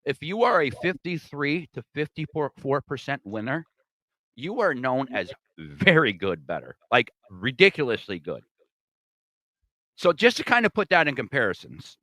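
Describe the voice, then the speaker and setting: A man's voice: medium pitch, very animated, moderate pace, sharp tone, no room sound. A man co-hosting a sports betting podcast, chiming in with short agreements and betting stats. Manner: brief agreeing backchannels, adds betting stats. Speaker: podcast co-host. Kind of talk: casual sports betting chat.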